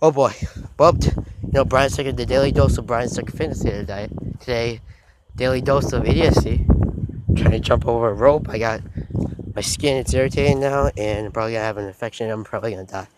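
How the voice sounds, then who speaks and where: A man's voice: mid-range voice, a little fast. A young man vlogging outdoors about fitness, rambling and swearing with lots of stumbling restarts. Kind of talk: rambling off-the-cuff vlog. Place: outdoors in a rural spot. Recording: loud outdoor background noise.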